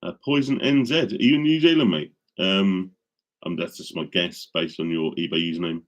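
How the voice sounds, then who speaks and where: A man's voice: sits low, moderate pace, muffled recording. A middle-aged man casually chatting with viewers on a live stream, rambling with many ums and restarts, into a studio microphone.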